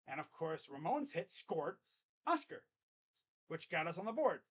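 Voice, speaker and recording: A young man doing live fan play-by-play, chatty and rambling, jumping to excited calls on each pitch. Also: measured pace.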